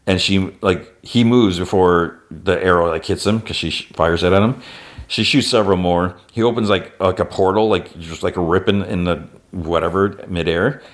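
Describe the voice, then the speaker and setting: A very low-pitched man talks through a cartoon episode on his podcast, scene by scene, in a loose, chatty way. He leans on "like" constantly and lifts into a higher, playful tone for quoted lines. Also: moderate pace. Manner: retells plot with constant "like" fillers. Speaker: podcast host. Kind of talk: casual episode recap.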